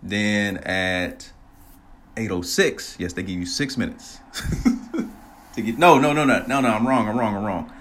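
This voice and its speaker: Man, lowish voice, casual storytelling, animated, laughs a lot, swears freely. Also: unhurried, pauses often.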